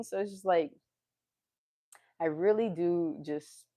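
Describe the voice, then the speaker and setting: Low-voiced woman musing candidly. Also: takes it slowly, pauses often, warm tone. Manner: rambling and confessional, with sighs, laughs and swearing. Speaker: vlogger. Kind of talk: candid casual monologue.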